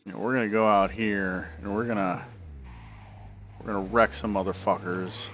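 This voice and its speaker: A man in his forties chats loosely while he plays, drifting from one tangent to the next. His voice sits on the low side, and he keeps hiccuping and talking around a sore, swollen tongue. A faint hiss of noise runs under the recording. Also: fairly even intonation, moderate pace, a bit bright. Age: 40s. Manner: rambling, trailing off into tangents. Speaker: gameplay video creator. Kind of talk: casual gameplay commentary.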